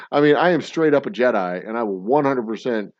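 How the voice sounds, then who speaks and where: A man's voice: medium pitch, dry recording, lo-fi sound. A middle-aged man hosting a casual trivia livestream, rambling and swearing in mock-grumpy rants. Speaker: trivia game host.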